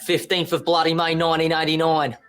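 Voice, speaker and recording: Brash British teen schoolboy, crude and boastful, bright tone, played by an actor. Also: male voice, fairly high pitch, monotone, a little fast, close to an everyday voice. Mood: cocky.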